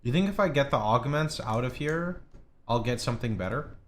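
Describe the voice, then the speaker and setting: A man's voice: medium pitch, animated, a little fast. A man streaming a video game from home, chatting casually and playfully scolding his cat, with some swearing. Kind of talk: casual gameplay commentary. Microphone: studio condenser mic.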